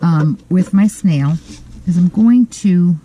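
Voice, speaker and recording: A woman walks through a card-making tutorial at her craft desk, slowly and methodically, pausing now and then to think. Her voice is low-ish and very mellow. There is a faint noise under the recording. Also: poor audio. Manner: relaxed, methodical, frequent "um" pauses. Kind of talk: step-by-step craft demonstration.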